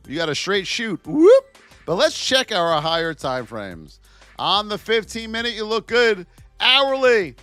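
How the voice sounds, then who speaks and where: High, lively, bright-voiced trading teacher. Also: male voice, no echo. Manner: excitable, playful, exclaims and laughs often. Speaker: trading educator. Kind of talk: live stock chart review.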